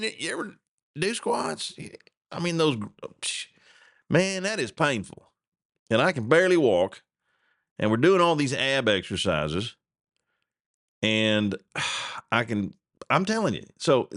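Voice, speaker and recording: A man's voice: on the high side, dry recording, studio quality. A middle-aged man hosting a radio talk show, ranting in a casual, chuckling way. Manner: animated, ranting, chuckling asides.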